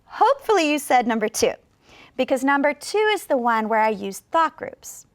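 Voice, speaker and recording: A woman teaching English pronunciation in a video lesson, speaking slowly and clearly with deliberate pauses to demonstrate. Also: high voice, sing-song, no room sound.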